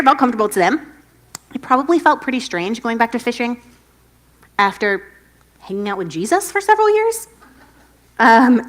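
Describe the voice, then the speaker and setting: A woman's voice: high-pitched, fairly bright tone. A woman pastor giving a casual sermon, chatty and self-deprecating, laughing often and acting out the quotes. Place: church stage.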